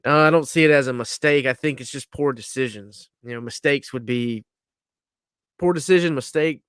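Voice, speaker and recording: A man's voice: mid-range voice, moderate pace, a bit bright, clean tone, no echo, studio quality. A man co-hosting a podcast, explaining things in a laid-back, matter-of-fact way with casual swearing. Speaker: podcast co-host. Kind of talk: casual chat.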